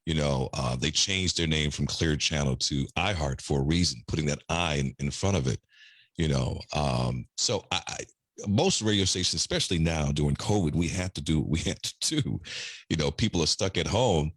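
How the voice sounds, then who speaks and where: A middle-aged man with a deep baritone voice, chatting casually as a radio personality guest, laid-back with chuckling asides. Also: normal speed, a bit bright, slightly rough, dry recording, clean studio sound. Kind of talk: casual interview chat.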